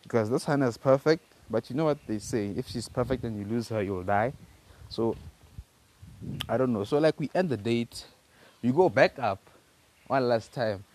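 A man's voice: mid-range voice, normal speed, pauses often, a little mellow, a little hiss or hum. A teenage man from Africa, telling a loose, slangy story on his own podcast, full of restarts and repeated words. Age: teens. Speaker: podcast host.

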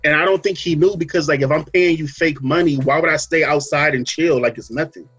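A man hosting a podcast, talking through a story in a relaxed casual way, full of fillers and asides. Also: a little high, a little fast, husky, highs cut off, faint music behind. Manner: relaxed storytelling, many fillers and "you know what I'm saying". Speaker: podcast host. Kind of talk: casual chat.

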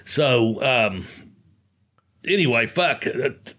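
A man's voice: medium pitch, expressive, slow pace, pushed and bright. A man hosting a casual podcast, talking loosely and rambling with plenty of swearing. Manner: rambling, profane, loose storytelling. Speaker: podcast host.

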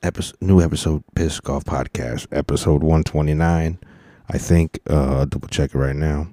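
A man hosting a casual solo podcast, tired and rambling, profane, sometimes breaking into loud rants, speaking into a mic on a stand. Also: rumbling low, steady tone, moderate pace, no room sound, studio quality. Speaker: podcast host. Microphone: studio mic on a stand.

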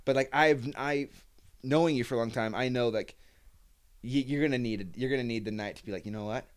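A man's voice: medium pitch, brisk, smooth. Rambling young man telling stories. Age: young adult. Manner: rambling storyteller with many fillers and acted-out quotes. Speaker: podcast host. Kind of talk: casual chat.

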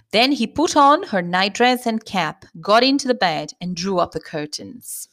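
A woman reading a fairy tale aloud in an expressive storytelling voice. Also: medium pitch.

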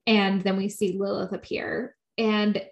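A woman co-hosting a podcast, chatting casually while recapping a show, talking quickly and laughing often. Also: medium pitch, level tone, muffled recording. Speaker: podcast co-host.

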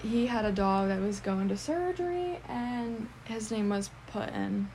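Gravelly-voiced woman podcast co-host. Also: medium pitch, expressive, a little slow, a little mellow, a little hiss or hum. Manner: storytelling with swearing, acts out quoted people. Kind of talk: casual chat.

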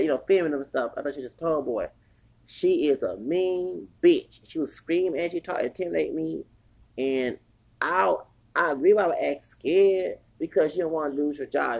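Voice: medium pitch, moderate pace, gravelly, darkish tone, husky, dull audio. A person in their forties telling a long story in a casual, rambling rant, swearing heavily and growing heated. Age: 40s. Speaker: podcast host.

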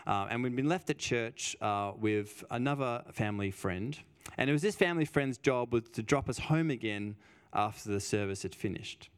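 In a clean, medium-pitched voice at normal speed, a man delivers a sermon conversationally. He drives his points home by repeating phrases and shares personal stories along the way.

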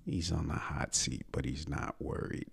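Deep-voiced profane ranting man. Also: steady tone, normal speed, vocal fry, breathy edge. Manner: profane, ranting, drops into muttered asides. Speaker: podcast host and comedian. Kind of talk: casual solo sports rant.

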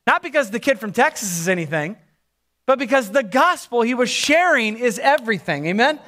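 A male pastor in his forties preaching a sermon, swinging from loud emphasis to hushed near-whispers and stretching key words slowly. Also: very high voice, sing-song.

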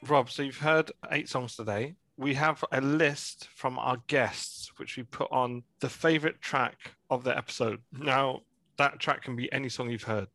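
Relaxed and quick to laugh, a podcast host with a mid-range voice chats casually at a moderate pace, teasing his guest with questions. The recording is dry, with faint music behind him.

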